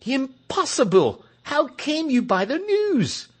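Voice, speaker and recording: A man reading the lines of an excited crowd of villagers, exclaiming in raised, high voices. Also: slow, exaggerated voice. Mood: shocked.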